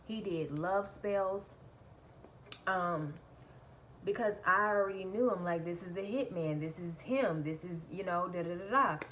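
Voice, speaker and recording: A woman telling a personal story straight to her viewers in a casual, animated way, laughing as she goes and calling them y'all. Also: fairly low pitch, slight background noise.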